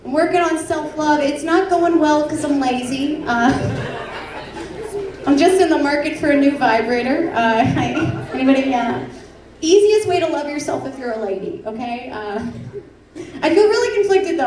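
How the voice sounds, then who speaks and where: A woman performing a stand-up comedy set on a club stage, brash and self-mocking, with a punchy delivery and a loud audience laughing behind her. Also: sits high, lively intonation, moderate pace. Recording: roomy club sound, heard from afar, loud crowd.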